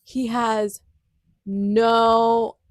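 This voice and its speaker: A woman's voice: fairly high pitch, level tone, very slow, no room sound, studio quality. Emphatic, enthusiastic woman podcaster. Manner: enthusiastic, emphatic, repeats for stress. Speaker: podcast co-host. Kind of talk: casual fan podcast chat.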